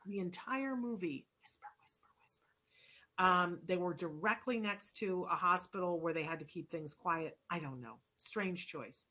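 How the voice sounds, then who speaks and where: A woman's voice: lowish voice, moderate pace, hardly any pauses, sharp tone. A woman hosting a talk show, chatting in a rambling, opinionated way with many restarts. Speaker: show host. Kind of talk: casual chat.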